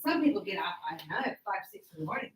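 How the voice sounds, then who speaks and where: A woman's voice: medium pitch, very animated, racing, background noise. A woman teaching an English grammar class, chatting loosely and telling stories from her own life. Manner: chatty, tells anecdotes, repeats words. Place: classroom in Sydney.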